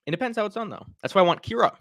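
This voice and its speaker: A man's voice: sits high, animated, very fast, fairly bright tone, no room sound, clean studio sound. A man hosting a casual livestream, chatting and reacting to viewer comments. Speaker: livestream host.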